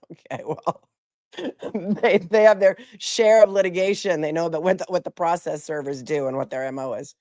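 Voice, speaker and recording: Low-voiced blunt woman attorney commentator. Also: fairly quick, darkish tone, no room sound, studio quality. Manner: blunt, sarcastic asides. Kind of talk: live legal commentary, reading transcripts aloud.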